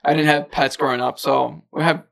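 A man's voice: fairly high pitch, steady tone, a little fast, gravelly, fairly bright tone, low-quality recording. A young man co-hosting a casual podcast chat, laughing often and restarting his words. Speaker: podcast co-host.

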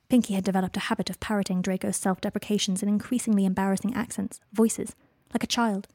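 A woman narrating a fan fiction story in an expressive reading voice. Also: mid-range voice, dry recording, clean studio sound. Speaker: reader.

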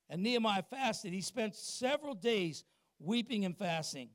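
A middle-aged male pastor preaching a sermon in church, moving between emphatic, loud points and quiet, confiding asides while asking the congregation questions. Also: high voice, animated, normal speed, dry recording, clean studio sound. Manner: asks the congregation questions and acts out little exchanges.

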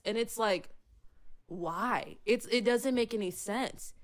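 Fervent woman, casual faith chat, emotional, hushed quoted lines. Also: fairly high pitch, slow pace. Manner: fervent, emotional, acts out God's words softly.

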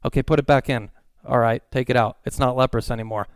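A man's voice: medium pitch, steady tone, quick pace, clean tone, no echo, clean studio sound, close to an everyday voice. A man voicing God as a patient, insistent figure who coaxes a doubter. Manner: coaxing, insistent. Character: patient, commanding male deity, gently exasperated.

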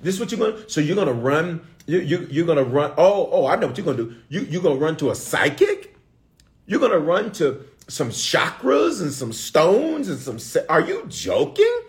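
A middle-aged man preaches, his voice sitting a little high and swinging widely in pitch. He teases and challenges his listeners, calling for responses between points. The delivery is animated and conversational from the pulpit. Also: moderate pace. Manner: animated, call-and-response preaching with playful asides. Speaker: bishop, preacher. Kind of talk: sermon.

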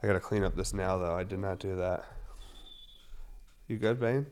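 A man's voice: sits low, normal speed, darkish tone. A man in his thirties talking casually to his viewers, rambling with lots of fillers and frequent swearing. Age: 30s. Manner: loose, rambling, heavy on fillers, swears often. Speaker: cannabis vlogger.

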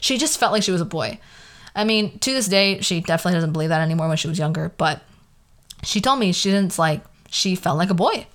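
With lively intonation and a fairly quick pace, a woman's lowish voice rambles through her casual solo podcast. She's in her 20s, from the San Fernando Valley, California, speaks with a Valley girl accent, and fills her questioning talk with "like."

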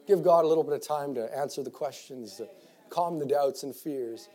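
A man preaching with a somewhat high yet mellow, dark-toned voice. He reads scripture in old-fashioned wording and swings between hushed reflection and loud, fervent calls. He often restarts his phrases as he goes. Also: normal speed. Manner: builds from quiet reflective passages to loud fervent exhortation. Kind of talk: sermon to young people.

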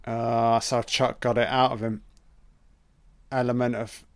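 A man's voice: medium pitch, little pitch movement, a little slow, smooth, dry recording. A young man giving casual reaction commentary on a film, swearing often and exclaiming in surprise.

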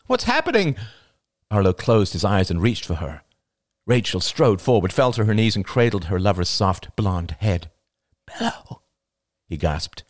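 A man narrating an audiobook chapter in an expressive, dramatic reading style. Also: on the low side, dry recording, studio quality. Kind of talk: scripted narration.

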